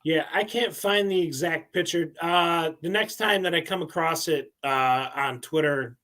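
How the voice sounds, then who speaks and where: A laid-back man with a high voice, chatting on a podcast. He swears freely and ends lines with dude. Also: measured pace, pushed and bright. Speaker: podcast co-host. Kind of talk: casual chat.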